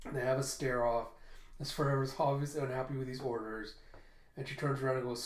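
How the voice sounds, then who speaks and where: A man's voice: medium pitch, fairly even intonation, quick pace. A man casually reading and retelling a comic aloud, linking quotes with "and he goes". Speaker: comic readthrough host. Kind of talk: casual read-aloud narration. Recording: roomy echo.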